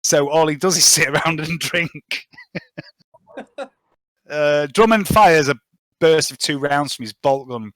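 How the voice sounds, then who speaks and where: A man narrating a tabletop game as game master, chuckling and quickly reading out dice results. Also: a little high, fairly bright tone, no echo.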